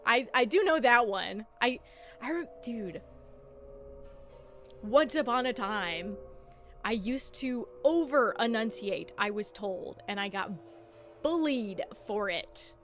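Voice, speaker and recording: Her voice sits a little high and sounds a bit bright, with lively intonation, a slow pace and long pauses. A woman streamer gaming live, she chats playfully, giggles often and trips over tongue twisters while background music plays.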